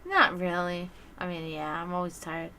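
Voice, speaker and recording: A woman hosting a livestream, chatting casually with viewers and telling stories in a lively way, acting out the voices of the people in them. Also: fairly low pitch, moderate pace, slight background noise. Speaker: livestream host.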